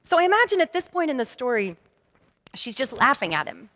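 A woman pastor preaching a sermon in a lively, conversational storytelling manner. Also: high-pitched, a little fast. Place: church sanctuary. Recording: long reverb of a church hall.

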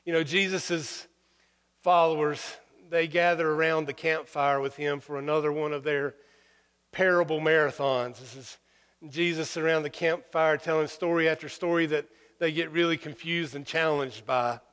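A man preaching a sermon through personal stories, folksy and humorous, halting with fillers. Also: on the high side, fairly even intonation, a bit bright, clear, resonant tone. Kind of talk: sermon storytelling. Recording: long hall reverb.

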